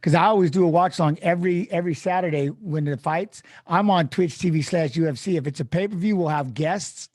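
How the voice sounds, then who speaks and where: Male interview guest: animated, emotional storyteller who voices other people's lines; a bit high-pitched, recorded dry. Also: fairly quick, hardly any pauses, no echo. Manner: animated, acts out quoted voices, swears casually.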